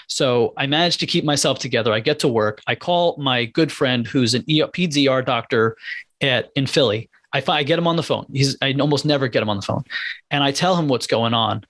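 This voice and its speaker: Man, middle-aged, podcast guest, candid personal storytelling, halting restarts, dry recording. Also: medium pitch, a bit bright, no room sound.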